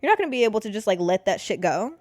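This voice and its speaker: A young woman talks through a solo podcast episode, candid and rambling, with "like" in every other phrase and a swear word here and there. Her pitch sits in a middle range, and the sound is close and dry with no room echo. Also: big pitch swings, very fast, a little mellow. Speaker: podcast host. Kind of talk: casual solo podcast chat.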